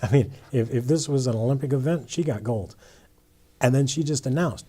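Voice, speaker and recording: Man, guest in a testimony interview, husky and breathy tone, earnest storytelling. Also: mid-range voice, a little fast, warm tone. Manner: earnest, with frequent restarts and "you know". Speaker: guest telling his conversion story.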